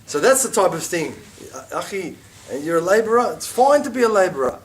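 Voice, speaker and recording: Animated man teaching a class. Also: sits high, brisk, distant mic. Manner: animated, conversational, with asides and mock quotes. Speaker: religious teacher. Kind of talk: informal class lecture.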